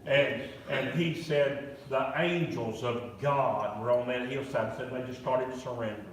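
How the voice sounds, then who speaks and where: A man's voice: mid-range voice, a little slow. A man preaching at a revival, telling stories and acting out the people in them. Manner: animated storyteller, acting out quoted voices. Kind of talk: revival sermon storytelling. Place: large church sanctuary. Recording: echoey church, voice from far off.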